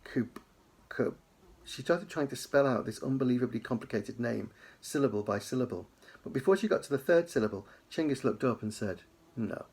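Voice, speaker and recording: Gravelly man reading a story aloud. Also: mid-range voice, a little fast. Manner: relaxed storytelling with asides. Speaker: author leading a writing lesson. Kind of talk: reading a children's book aloud.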